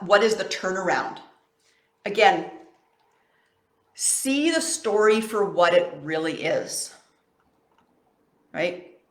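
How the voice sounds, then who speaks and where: A woman coach talks straight to camera in a relaxed, motivational way. Her voice sits at an ordinary middle pitch, encouraging and affectionate. The room rings with noticeable echo. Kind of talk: casual motivational talk to camera.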